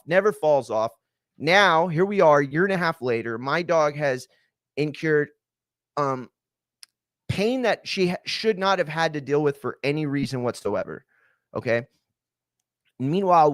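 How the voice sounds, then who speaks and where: A male podcast host with a voice on the high side rants casually, swearing a lot and using many fillers. The sound is clean studio quality with no echo.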